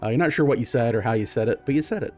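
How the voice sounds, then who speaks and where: A man's voice: medium pitch, racing, a little mellow, faint music behind. Easygoing male game master. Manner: loose, filler-heavy narration. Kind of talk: narrating a tabletop game.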